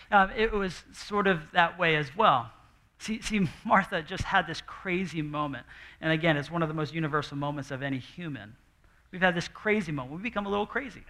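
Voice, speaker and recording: A young man preaching a sermon from a church stage in an animated, conversational way. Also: high voice. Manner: animated and conversational, acting out quoted voices. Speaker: pastor. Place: church stage before a congregation.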